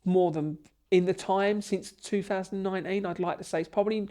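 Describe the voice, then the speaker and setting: A man, a guest on a podcast, telling long stories in an animated and emotional way. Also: high voice, brisk. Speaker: podcast guest, bricklaying tutor. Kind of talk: storytelling in a podcast interview.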